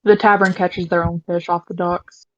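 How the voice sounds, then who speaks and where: A woman's voice: fairly low pitch, flat delivery, moderate pace, dry recording, dull audio. A woman running a tabletop game as game master, narrating scenes in a matter-of-fact way.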